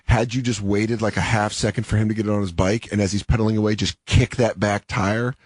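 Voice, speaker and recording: A man's voice: fairly low pitch, fairly even intonation, fairly quick, no room sound. A man co-hosting a radio comedy show in casual chat, mostly short agreeing replies and jokes, with some swearing.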